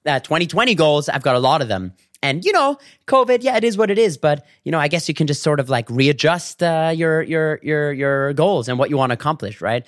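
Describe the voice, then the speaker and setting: A man in a casual comedic vlog monologue, telling stories with quick asides and animated bursts. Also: fairly high pitch, no room sound, studio quality. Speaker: vlogger.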